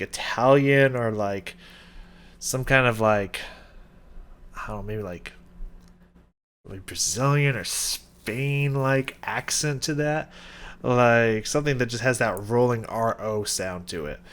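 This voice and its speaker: A man hosting a music reaction, talking casually with excited, rambling enthusiasm and lots of restarts. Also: medium pitch, unhurried. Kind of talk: casual reaction and song analysis.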